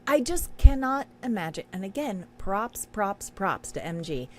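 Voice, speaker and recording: A woman's voice: mid-range voice, big pitch swings, unhurried, a bit bright, slight background noise. A middle-aged woman co-hosting a casual podcast, speaking earnestly and confidingly with emphatic agreement. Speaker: podcast co-host. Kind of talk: casual recap chat.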